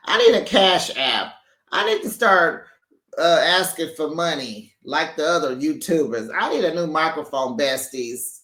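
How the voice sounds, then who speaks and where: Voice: medium pitch, measured pace, echoey room. Laughing, gossipy recap YouTuber voice. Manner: laughs often, gossipy and animated, uses slang. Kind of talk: casual chatty show recap. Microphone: USB microphone held back from the mouth.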